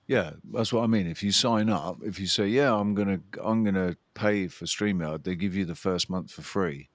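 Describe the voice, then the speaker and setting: A man with a low, deep voice hosts a casual livestream, chatting loosely and greeting viewers by name. His voice sounds dry and close, with almost no room around it. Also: normal speed, no room sound. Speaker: livestream host. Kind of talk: casual chat.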